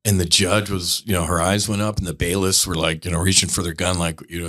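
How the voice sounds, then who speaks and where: A man's voice: deep voice, a little fast, a bit bright. A male podcast host telling a candid, rambling spiritual monologue in an earnest way, often breaking off and restarting his sentences. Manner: rambling, earnest, self-interrupting.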